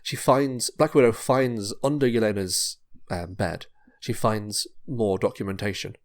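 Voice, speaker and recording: A man on a podcast, casually narrating a pitched story, rambling and repeating words. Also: fairly even intonation, unhurried. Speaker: podcast host.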